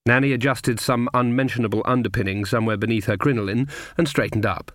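A man reading a comic fantasy audiobook in measured, wry storytelling. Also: mid-range voice, fairly bright tone, no room sound, studio quality. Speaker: audiobook narrator. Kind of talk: scripted narration.

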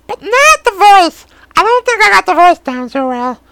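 A man voicing a squeaky, giggly furry red puppet monster in a high, drawn-out falsetto. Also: very animated, creaky, bright, forceful tone, dry recording, heavily acted. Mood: giddy.

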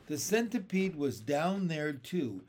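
A man in his sixties reading a children's book aloud, with unhurried, expressive storytelling. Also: a little high. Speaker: reader.

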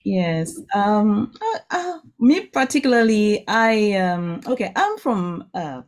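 A woman from Congo puts a question to the presenter in an online session. She speaks haltingly and pauses on fillers as she searches for words. Her voice sits at a middle pitch. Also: sing-song. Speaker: audience member asking a question. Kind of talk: live online Q&A.

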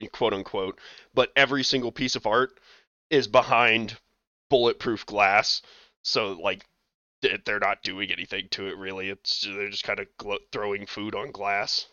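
A man's voice: lowish voice, level tone, unhurried, sharp tone, clean tone, dry recording, dull audio. A man co-hosting a casual podcast, rambling with lots of fillers, laughing and swearing as he goes. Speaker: podcast co-host.

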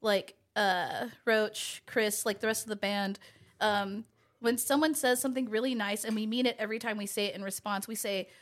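A woman's voice: mid-range voice, normal speed. A woman guesting on a podcast as a band member, telling stories in casual chat and quoting herself. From Arizona. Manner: animated storyteller, quotes herself.

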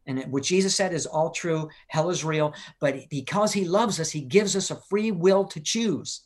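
In a live-streamed interview, this older man tells his personal story with real earnestness and urgency, voicing the people he quotes as he goes. His pitch is fairly high and his pace normal.

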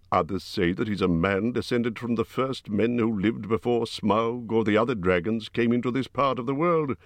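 A man's voice: lowish voice, no echo. A man voicing an old male wizard who is stern, testy and lecturing.

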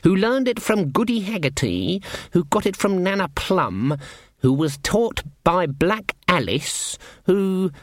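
A man reading an audiobook, voicing a proud, stern old witch woman who speaks slowly and coolly. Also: high voice, very animated, dry recording, studio quality, voice pushed up, exaggerated voice. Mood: cold, challenging. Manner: slow, clipped, cool.

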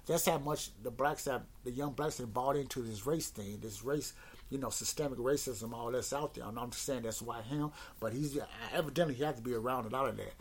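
A man with a husky, mid-pitched voice talks through a casual rant on his own podcast. He rambles and repeats words, sounding exasperated as he goes. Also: brisk. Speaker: podcast host.

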